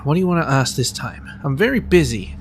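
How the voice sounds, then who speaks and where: A man's voice: fairly high pitch, big pitch swings, fairly quick, a little hiss or hum. A man voicing a blunt, prickly young woman researcher who is secretly socially awkward, brusque one moment and flustered the next. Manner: brusque, then flustered and rambling.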